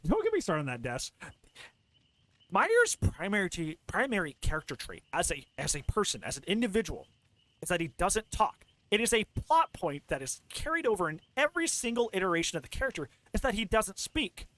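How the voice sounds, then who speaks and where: A man's voice: sits high, sing-song, brisk, pushed and bright, no echo. A man reacting to a video on stream, ranting in an exasperated, casual way with lots of fillers and restarts.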